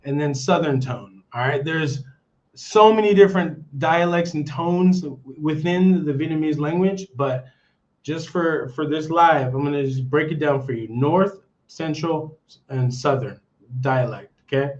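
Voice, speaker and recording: A chatty man with an American accent hosts a casual livestream, his voice sitting a little high for a man. He rambles and keeps checking in with "okay?" and "all right?". The stream audio is dull and lo-fi. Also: a little slow. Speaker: livestream host.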